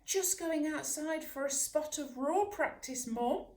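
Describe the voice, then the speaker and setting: A woman voicing a small, eager young male poodle who dreams of being a lion, talking in an excitable, boastful way. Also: high-pitched, measured pace, reverberant, distant mic, pitched above the performer's own voice. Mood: excited.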